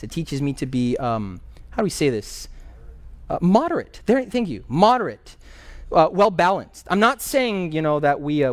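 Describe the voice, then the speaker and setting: Teaching a Bible class, this pastor answers the group's questions while telling lively stories and circling back to key phrases, occasionally groping for a word. His male voice leans high, and there is no echo.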